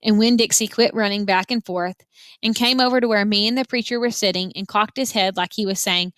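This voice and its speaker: A woman teacher reading a novel aloud to her students, telling them to follow along, with an expressive read-aloud manner. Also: medium pitch, a little fast, no echo.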